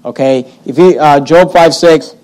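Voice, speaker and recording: A man's voice: on the high side, measured pace, a little mellow, poor audio. A man preaching a sermon, speaking emphatically, repeating his points and reading old-style scripture verses aloud.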